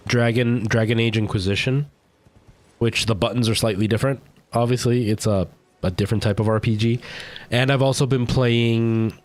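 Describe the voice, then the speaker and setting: A man streaming a game live, rambling and thinking aloud as he plays, often poking fun at himself. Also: medium pitch. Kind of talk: live gameplay commentary.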